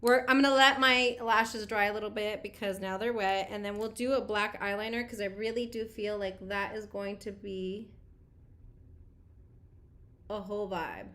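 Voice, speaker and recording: A woman's voice: medium pitch, steady tone, normal speed, pushed and bright. A woman in her thirties, a beauty vlogger chatting casually on a livestream, greeting viewers and laughing often.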